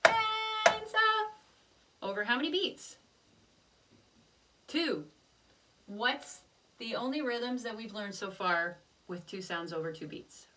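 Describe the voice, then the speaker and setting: A woman's voice: mid-range voice, unhurried, long pauses, sharp tone, distant mic. A woman teaching a children's music lesson, patiently explaining rhythms step by step and chanting rhythm syllables.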